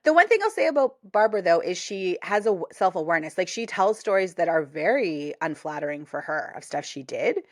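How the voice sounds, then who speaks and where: Her voice sits on the low side, and she talks briskly with barely a pause. This woman co-hosts a podcast, swapping stories in relaxed conversation and laughing often as she animatedly tells them, all captured in clean studio sound with no room noise.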